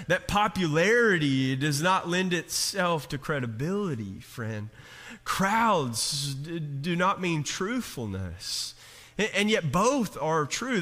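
A man preaching a sermon in a long, echoing hall. His voice is bright and fairly high for a man. He talks casually, cracks jokes, stumbles and restarts often, and acts out the people he quotes. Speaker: pastor.

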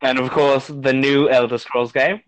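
A man's voice: medium pitch, level tone, a little slow, low-quality recording. A man from Mexico speaks English with a British-sounding accent, a guest in an easygoing chat about games. His delivery is dry and understated, with frequent small hesitations. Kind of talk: casual gaming chat.

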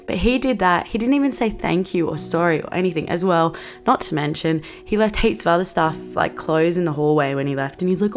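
A young woman in her twenties, hosting a podcast and telling a story in a brash, sweary, animated way. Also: fairly low pitch, fairly quick, soft background music. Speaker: podcast host. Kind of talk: casual storytelling monologue.

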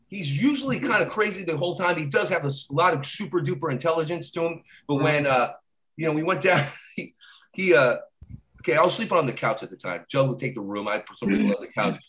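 Speaking with a fairly high, slightly bright voice, this comedian guest rambles through stories in relaxed talk. He constantly adds "right?" and laughs while telling them.

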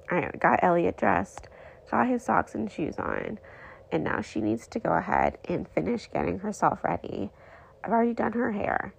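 A woman's voice: mid-range voice, vocal fry, darkish tone, husky. A woman casually telling a parenting story to camera, rambling and chatty with lots of filler words. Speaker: mother sharing parenting stories.

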